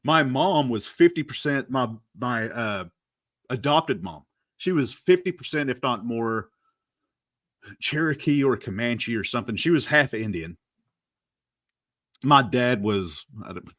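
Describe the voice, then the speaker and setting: Male stream host, casual rambling commentary, lively pitch, dry sound. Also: no echo. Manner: rambling, laughing, repeats words. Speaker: show host reacting to clips.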